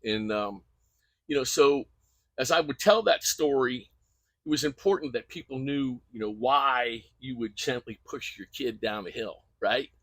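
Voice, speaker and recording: An older man talks with earnest conviction, stacking up repeated phrases as he makes his point. His voice has a husky edge and sits close to a dry, unreverberant mic. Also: mid-range voice, unhurried, no room sound. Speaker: guest coach. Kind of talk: conversational interview.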